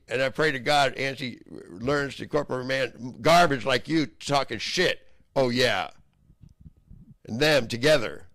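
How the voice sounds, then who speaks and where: A man in an angry, rambling monologue, his voice gravelly and rough with fry. He curses freely and keeps breaking into loud outbursts, pitched around a typical male middle.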